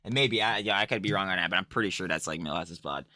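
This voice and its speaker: A man's voice: deep voice, fast, sharp tone, no echo, clean studio sound. A man doing casual reaction commentary, ranting in a profane, rambling, slangy way. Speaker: commentary YouTuber.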